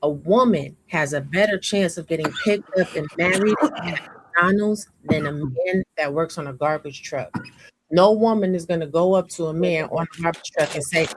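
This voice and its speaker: A woman's voice: sits low, moderate pace, rough recording. A woman, a panelist in a heated live-stream debate, lecturing and talking over the others.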